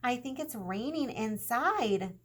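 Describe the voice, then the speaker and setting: A woman voicing a small, anxious young boy mouse who calls out and pleads, with a slightly husky voice. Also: a little high, expressive, slow, voice pushed up. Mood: anxious calling.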